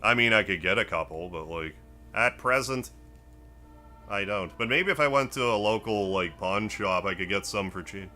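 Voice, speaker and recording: A man with a fairly low voice and a bright, forceful edge chats through a gameplay stream. He rambles easily, greets viewers by name and thinks out loud between moves. Quiet game music sits faintly behind him. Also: moderate pace. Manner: relaxed, rambling, greets chat, muses aloud. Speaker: gaming live streamer. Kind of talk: casual gameplay stream chat.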